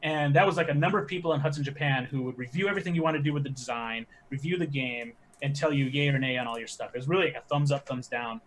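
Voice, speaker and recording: A man, a podcast guest telling animated stories with quick asides. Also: mid-range voice, slight background noise. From American Midwest. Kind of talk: casual podcast chat.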